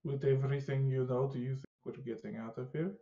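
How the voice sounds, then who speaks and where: A man's voice: medium pitch, steady tone, fast, mellow. A man playing a tabletop game who makes brief, dry remarks. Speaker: player. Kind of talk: casual tabletop game talk. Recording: dull, roomy sound.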